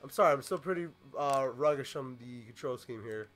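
A man commentating a wrestling video game as he plays, excitable and swearing, shouting at his opponent. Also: mid-range voice, brisk, soft background music. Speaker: gaming YouTuber. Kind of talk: let's play commentary.

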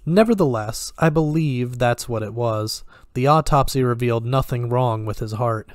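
A man's voice: mid-range voice, normal speed, dry recording, natural voice. A man doing a polite clinical torturer. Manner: polite, precise, mildly apologetic. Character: soft-spoken male torturer, polite and clinical.

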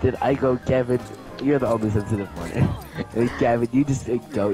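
A man's voice: mid-range voice, a little fast, hardly any pauses. A young male gamer casually reading group-chat messages aloud to his friends, often breaking into laughter. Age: teens. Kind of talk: casual gaming commentary. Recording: game music playing behind.

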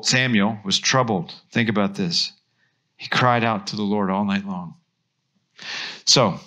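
A man, a pastor, preaching a sermon, swinging between animated emphasis and soft hushed asides. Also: sits low.

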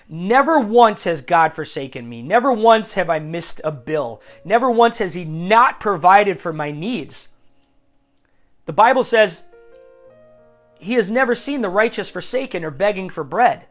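Earnest high-voiced man preaching. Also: fairly bright tone. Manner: earnest and confessional, quotes verses at length. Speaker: Christian speaker. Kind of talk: devotional sermon with scripture reading.

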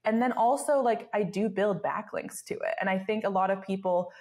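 A woman's voice: mid-range voice, moderate pace, darkish tone. Chatty Canadian woman, laughs a lot. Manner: chatty, self-deprecating, laughs often, lots of "like". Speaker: guest, travel blogger. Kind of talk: casual podcast interview.

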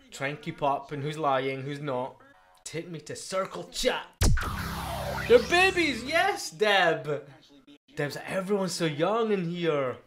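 A British reaction video host giving casual, chatty commentary, cracking quick jokes and laughing along while sizing up each new face. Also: mid-range voice. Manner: chatty, quippy, excitable, laughs at own jokes.

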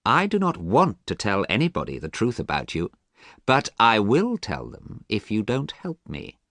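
A man's voice: on the low side, huge pitch swings, normal speed, fairly bright tone, no echo, voice pushed up, full character voice. A man voicing a desperate young man who turns cold and threatening, in an urgent, pressing way.

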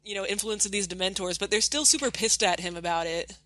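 A woman co-hosting a podcast in casual chat, sarcastic and quick, laughing often. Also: medium pitch, a bit bright, dry recording. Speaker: podcast co-host.

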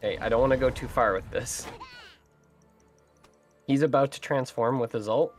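A woman streaming an online game and making quick, casual callouts to her teammates. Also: extremely low pitch, faint music behind. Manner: quick callouts, excited when winning.

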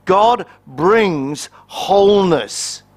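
High, lively man preaching. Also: extremely slow. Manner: conversational and humorous, acting out little quoted exchanges. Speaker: pastor. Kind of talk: sermon.

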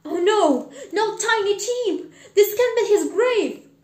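Woman reading as an excitable old miser. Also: sits high, a little slow, pitched above the performer's own voice. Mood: anguished. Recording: roomy echo.

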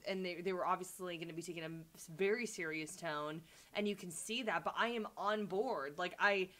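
A woman's voice: on the low side, fairly bright tone. A young woman hosting a casual trailer reaction video, chatty and gushing, with lots of ums and likes. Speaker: YouTube reaction host.

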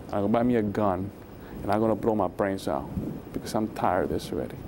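A man's voice: fairly low pitch, animated, fast talker, noisy background. A man giving an emotional testimony as a guest in a religious interview, acting out the voices in his story with sudden rises. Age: 20s.

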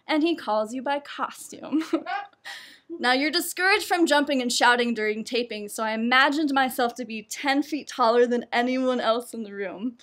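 A young adult woman performing a personal story, laughing often and poking fun at herself. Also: on the high side. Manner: laughs often between lines, lively and self-mocking.

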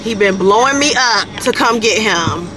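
A woman's voice: medium pitch, animated, moderate pace, noisy background. A woman, chatting casually to her viewers in a vlog. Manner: chatty, talks straight to viewers with "y'all". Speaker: vlogger.

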